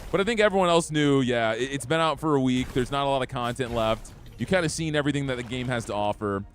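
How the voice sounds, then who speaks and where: A man's voice: medium pitch, fast, faint music behind. A young man streaming a game live, chatting upbeat and casually with his viewers while he plays. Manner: upbeat, chatty, talks to chat. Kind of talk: live gameplay commentary.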